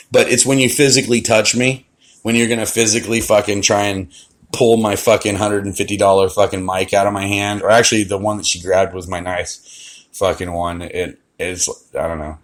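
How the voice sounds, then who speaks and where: A young man telling a crude, swearing-heavy story about trouble at his karaoke show. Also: fairly low pitch. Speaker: karaoke host. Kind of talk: profane storytelling rant.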